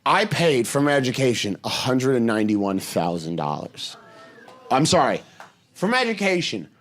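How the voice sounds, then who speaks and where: A man doing a stand-up comedy set on a theater stage, telling stories in a quick, animated way with a handheld mic. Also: medium pitch. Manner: quick, animated storytelling with acted-out voices. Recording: live stage recording with audience noise.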